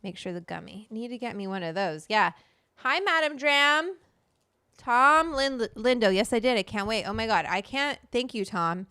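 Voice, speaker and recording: A woman's voice: medium pitch, animated, moderate pace, few pauses, sharp tone, no echo, studio quality. A woman hosting a livestream, chatting casually, greeting viewers by name and swearing freely. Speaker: livestream host.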